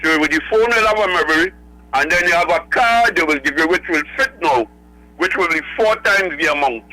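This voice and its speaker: A man's voice: fairly high pitch, fairly quick, sharp tone, no room sound, poor audio. A man calling in to a radio show, rambling through numbered points. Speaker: caller. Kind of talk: phone-in call.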